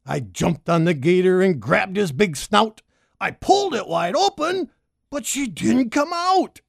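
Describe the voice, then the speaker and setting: A woman reading a rhyming children's story aloud, expressive and sing-song. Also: unhurried, vocal fry, no echo, clean studio sound. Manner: expressive, sing-song, big pitch leaps. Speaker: storybook reader.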